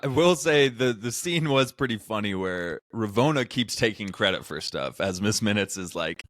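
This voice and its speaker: A man's voice: on the low side, lively intonation, normal speed, a bit bright, no echo. An American man guesting on a podcast, chatting casually with laid-back slangy banter. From United States.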